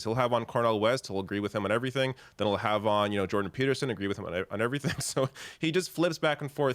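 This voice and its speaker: A man hosting a political discussion, opinionated and filling pauses with "you know". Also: medium pitch, fairly bright tone, dry recording. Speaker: host.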